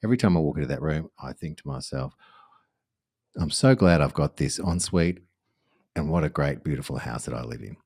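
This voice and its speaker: A podcast co-host talks in an easy, enthusiastic way, often pausing to rephrase himself. His voice sits low and comes across warm and relaxed. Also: husky. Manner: enthusiastic, chatty, self-correcting. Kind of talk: casual podcast chat.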